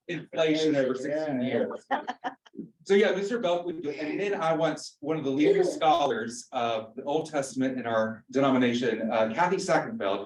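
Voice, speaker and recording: A man, a pastor teaching an adult church class in a joking, chatty way and quizzing the audience. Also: mid-range voice. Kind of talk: informal church class lecture. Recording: roomy room, mic at a distance.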